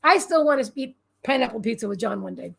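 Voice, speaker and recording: A woman's voice: a little high, animated, fast talker, vocal fry, fairly bright tone. A woman hosting a casual livestream from home, rambling and bubbly as she answers viewers' comments aloud. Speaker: livestream host and psychic reader.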